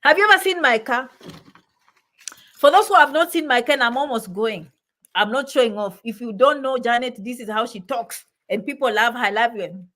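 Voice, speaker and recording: This middle-aged immigration advice channel host addresses her live stream viewers with emphasis, her voice brisk, fairly bright and on the high side. Her talk loops back on itself and is broken up by fond little asides.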